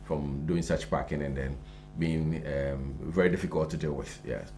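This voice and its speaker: A man with a Ghanaian accent, co-hosting a live morning show, reading and chatting over the news in a relaxed way with fillers. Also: very deep voice, moderate pace, slight background noise. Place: TV studio.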